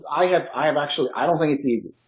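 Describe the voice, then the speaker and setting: A man's voice: fairly high pitch, racing, muffled recording. A man who is not a native English speaker, with a slight foreign accent, talking as a real estate coach in a casual interview, emphatic and motivational. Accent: Eastern European. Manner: emphatic, motivational, laughs easily.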